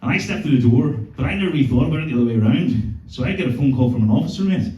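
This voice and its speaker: A man's voice: medium pitch, expressive, racing, mellow, dull audio. A man in his thirties with a Northern Irish accent doing a stand-up set, telling sweary, self-mocking stories. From Northern Ireland. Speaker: stand-up comedian. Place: comedy club stage. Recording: roomy club sound, mic heard from a distance.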